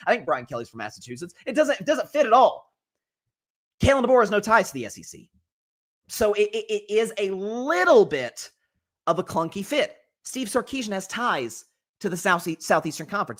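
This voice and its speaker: A man's voice: high-pitched, a bit bright. A man hosting a college football reaction show, talking in a rambling, conversational way with many restarts and asides. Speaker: sports show host.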